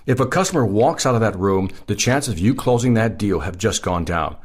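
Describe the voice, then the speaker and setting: A man's voice: lowish voice, lively intonation, fairly quick, breathy edge. A man hosting a sales advice podcast, speaking emphatically and repeating his key points. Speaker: podcast host.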